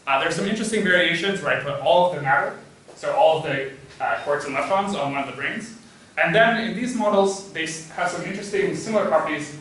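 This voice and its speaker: A man's voice: on the high side, sharp tone, a little hiss or hum. A man giving an academic physics talk, hesitant and full of "uh" fillers as he thinks aloud. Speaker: physics lecturer. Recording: echoey hall, voice from far off.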